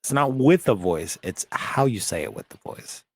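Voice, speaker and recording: A man's voice: fairly low pitch, very animated, moderate pace, no echo. A man co-hosting a podcast in casual chat, ranting bluntly with lots of swearing. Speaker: podcast co-host.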